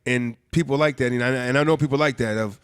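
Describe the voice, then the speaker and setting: A man cohosting a podcast, telling stories in casual, profane, animated chat. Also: medium pitch, quick pace, smooth, dry recording, studio quality.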